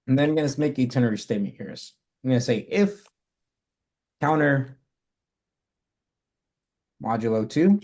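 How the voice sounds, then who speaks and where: A man's voice: mid-range voice, expressive, normal speed, long pauses, darkish tone. A man teaching a live coding lesson, talking through his code step by step and correcting himself as he goes. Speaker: coding instructor.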